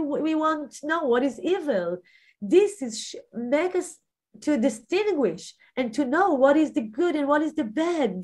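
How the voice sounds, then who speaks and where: Woman with halting, searching speech. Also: high-pitched. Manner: halting, searching for words, many fillers; swells with emphasis on key phrases. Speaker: guest telling her near-death story. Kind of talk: personal testimony.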